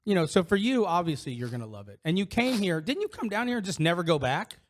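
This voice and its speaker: A middle-aged man with a fairly high-pitched voice, co-hosting a casual podcast. He talks candidly and rambles, circling back with fillers and false starts as he tells personal stories. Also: very animated, quick pace. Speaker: podcast co-host. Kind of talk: casual chat.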